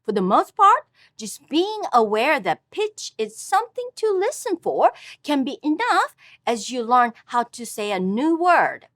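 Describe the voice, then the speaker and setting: A high, bright woman's voice with a lot of rise and fall, teaching in a slow and careful scripted delivery. She models each word deliberately. The sound is dry and close. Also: sing-song, no room sound. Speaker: language teacher. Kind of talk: scripted language lesson narration.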